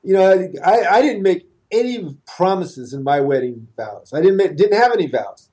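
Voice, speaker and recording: Earnest therapist guest, man, slightly high voice with a mellow tone, emphatic advice. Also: big pitch swings, moderate pace. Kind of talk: interview conversation.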